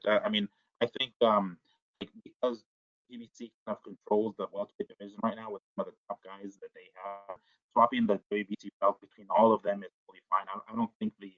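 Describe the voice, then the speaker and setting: A man's voice: lowish voice, level tone, brisk, no room sound. A man on a podcast panel, talking casually and hesitantly with many fillers. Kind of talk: casual chat. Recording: dull, dry lo-fi audio.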